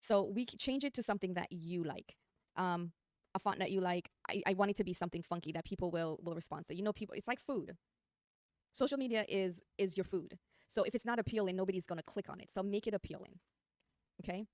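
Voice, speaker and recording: A woman's voice: medium pitch, fast, dry recording, studio quality. A woman with a New Jersey accent giving a chatty, upbeat live screen-share tutorial, talking her viewers through each step as she clicks. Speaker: online design tutor.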